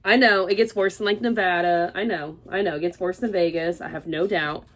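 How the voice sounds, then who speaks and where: A woman's voice: on the low side, a little fast. A young woman from Florida, chatting casually through a makeup tutorial, rambling and exclaiming, then murmuring as she works. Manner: animated, rambling, exclamatory, drops to murmurs while applying. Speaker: beauty vlogger.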